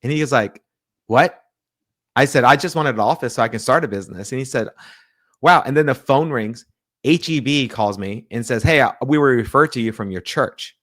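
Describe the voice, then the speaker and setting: A man telling a personal story in an interview, lively, acting out the people in it and often restarting his sentences. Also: mid-range voice, a little fast, no room sound, clean studio sound. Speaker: pastor, interview guest.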